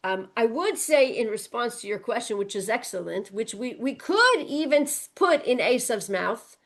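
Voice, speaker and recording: Lively, high-voiced woman teaching a class. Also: normal speed, hardly any pauses. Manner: asks the class questions and answers them, quoting verses. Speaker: Torah teacher. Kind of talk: classroom text study.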